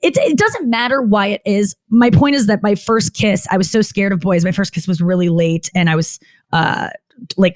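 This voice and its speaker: On a candid podcast, a woman comedian appears as a guest and rambles, constantly saying "like," cutting herself short and beginning again. When quoting what someone else said, she jumps to a higher pitch. The recording is dry.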